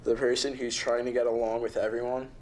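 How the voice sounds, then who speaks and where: Young dude, quiet and soft, keeps almost laughing, faint hiss. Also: male voice, medium pitch, level tone, fairly quick. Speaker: camp participant. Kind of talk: documentary interview.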